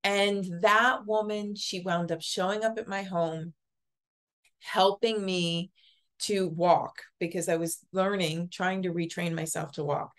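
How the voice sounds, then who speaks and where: A woman telling a personal story as an interview guest, earnest and halting, often repeating words. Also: on the low side, fairly even intonation, a bit bright. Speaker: podcast guest, psychic Reiki master.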